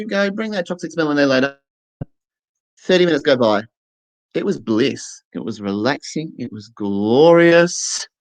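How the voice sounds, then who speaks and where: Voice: mid-range voice, rough recording. A performer with an Australian accent telling a self-mocking comic story and acting out the voices. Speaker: stand-up performer, voicing a deaf comedian's set. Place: online festival stage.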